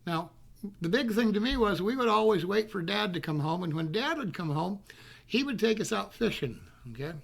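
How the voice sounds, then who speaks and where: A man's voice: high voice, lively intonation, moderate pace, vocal fry. A man telling a rambling, folksy childhood story, often repeating himself. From North Carolina. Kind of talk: casual storytelling.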